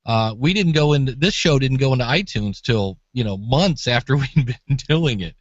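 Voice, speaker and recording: Animated male co-host. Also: medium pitch, moderate pace, no room sound, highs cut off. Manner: lively, demonstrates voices, chuckles. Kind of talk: casual advice chat.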